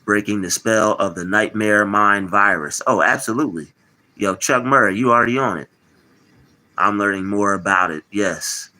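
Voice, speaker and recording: A man's voice: fairly low pitch, normal speed, pushed and bright. A man hosting a live stream, talking casually, teasing and replying to his chat with lots of repetition. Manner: mocking, repetitive, replies to chat.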